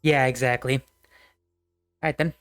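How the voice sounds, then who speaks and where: A man's voice: medium pitch, steady tone, normal speed, fairly bright tone, clean tone, dry recording, clean studio sound. A young man narrating a tabletop game as game master, rambling with many fillers.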